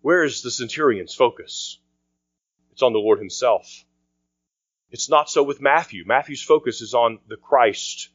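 A man preaching a sermon as pastor, earnest, often dropping to a quiet voice for emphasis. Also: mid-range voice, measured pace, no echo. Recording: dry, dull lo-fi sound.

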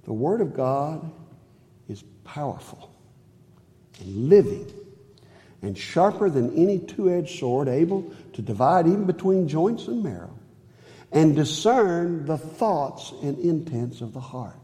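Male preacher, mellow voice, slightly raised pitch, earnest sermon, long church-hall reverb. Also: big pitch swings, takes it slowly. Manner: earnest, rises high on key phrases and drops low on others.

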